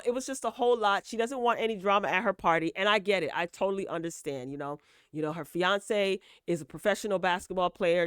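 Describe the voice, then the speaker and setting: Woman, chatty recap host, sassy asides, smooth clear voice, dry close sound. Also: mid-range voice, a bit bright, no echo. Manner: chatty, tags lines with "okay?" and "right?". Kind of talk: casual opinionated recap.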